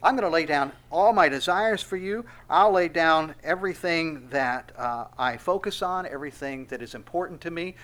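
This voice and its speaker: An earnest male disciple swears he will give everything up, his pleading voice lifted a touch higher and louder, as a preacher acts him out. The delivery is emphatic and urgent. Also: moderate pace, few pauses, natural voice.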